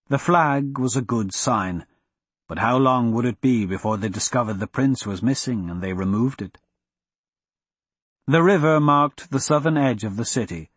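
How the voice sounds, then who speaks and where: Husky-voiced man narrating a fantasy audiobook. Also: mid-range voice, no echo. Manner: steady, measured storytelling.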